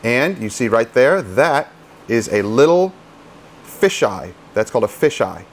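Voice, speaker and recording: A man's voice: medium pitch, very animated, a little slow. A man who details cars, explaining paint polishing in a casual, chatty how-to style and joking at his own expense. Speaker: car detailer teaching polishing.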